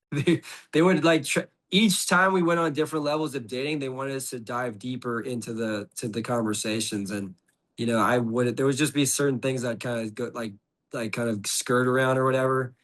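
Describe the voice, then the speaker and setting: A man's voice: medium pitch, a bit bright. A middle-aged man, a podcast guest, telling a story in casual conversation, rambling with lots of "like" and restarts.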